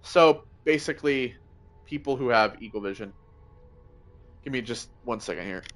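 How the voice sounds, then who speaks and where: A man's voice: mid-range voice, normal speed, soft background music. A man reading in-game text aloud during a let's play, earnest but stumbling and restarting now and then. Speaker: gameplay video host.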